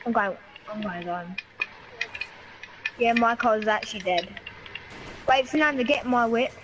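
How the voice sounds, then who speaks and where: A woman's voice: on the high side, measured pace, fairly bright tone, slight background noise, low-quality recording. A woman playing online with friends, teasing her teammates and calling out to them in voice chat. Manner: teasing and giggly, calls out to teammates. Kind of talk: casual gameplay chat.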